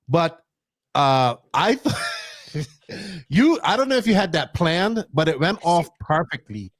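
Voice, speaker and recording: A man's voice: fairly high pitch, big pitch swings, takes it slowly, long pauses, dry recording, clean studio sound. A man hosting a casual live stream, chatty and agreeable, with some self-deprecating jokes. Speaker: host.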